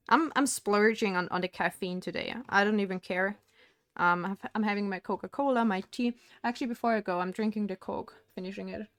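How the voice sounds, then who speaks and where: A young woman chatting on a live stream from home. She rambles loosely and laughs often. Her voice sits at an ordinary middle pitch, and the sound is dry and close. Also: steady tone, normal speed, fairly bright tone, no echo. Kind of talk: casual live-stream chat.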